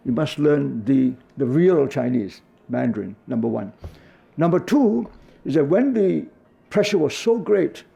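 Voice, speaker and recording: A man's voice: a little high, creaky, mellow, husky. An older man giving a university lecture, answering an audience question thoughtfully and restarting often as he searches for words. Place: lecture hall.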